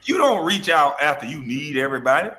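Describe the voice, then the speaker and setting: A man hosting a heated, taunting casual rant, mocking someone with quick impressions. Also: on the high side, very animated, bright, forceful tone. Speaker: show host.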